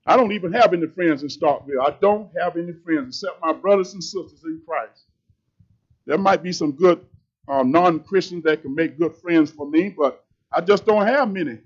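A man preaches, his voice pitched high. He talks plainly and conversationally but presses his points hard. The recording sounds slightly dull and lo-fi. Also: normal speed, husky. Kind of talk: sermon.

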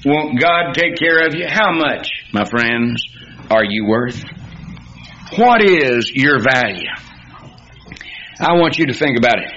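A man's voice: medium pitch, animated, slow pace, pauses often, pushed and bright, slight background noise. A man preaching a sermon in a folksy, storytelling way that rises to emphatic peaks. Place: church hall. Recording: dull, echoey hall recording.

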